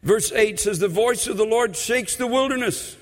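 A man preaching a sermon in a church, impassioned, slowing and stretching words for emphasis. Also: sits high, in a large hall. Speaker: pastor. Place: church sanctuary.

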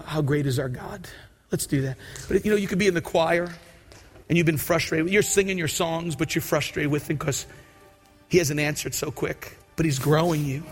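A pastor preaching a sermon and leading an altar call prayer, pleading and repetitive, building to shouted prayer. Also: male voice, fairly high pitch, breathy edge.

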